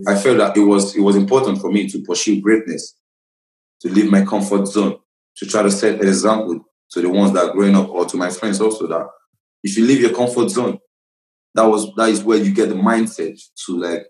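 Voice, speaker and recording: Young man, Nigerian accent, very deep voice, earnest, roomy call audio. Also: fairly even intonation, a little fast, a little mellow. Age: young adult. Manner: earnest, repeats phrases as he searches for words. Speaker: guest. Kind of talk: casual interview. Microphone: remote call.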